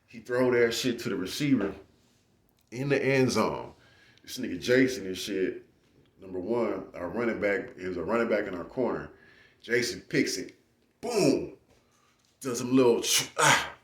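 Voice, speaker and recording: A young man telling a story casually and animatedly, laughing and acting out shouts. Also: fairly low pitch, lively intonation, a little slow, long pauses. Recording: echoey room.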